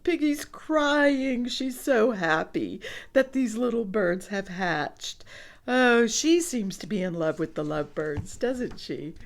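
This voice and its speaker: Woman storybook reader, animated and chuckly, slow and lilting. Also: medium pitch. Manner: animated, chuckling, pointing out pictures. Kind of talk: storybook read-aloud.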